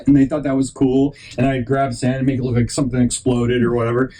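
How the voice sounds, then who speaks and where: A man's voice: mid-range voice, level tone, fast talker, warm tone, poor audio. A man hosting a podcast, telling a long rambling story and acting out other people's lines in put-on voices. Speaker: podcast host.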